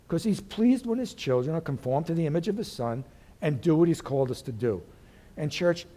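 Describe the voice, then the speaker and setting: A male pastor preaching a sermon in a folksy way, calling out to the congregation and swinging from loud declarations to very soft asides. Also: a little high.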